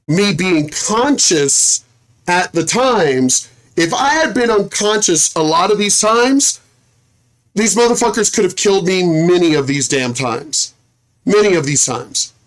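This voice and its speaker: A middle-aged man telling a story casually on a livestream, animated and profane, often repeating himself. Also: high voice.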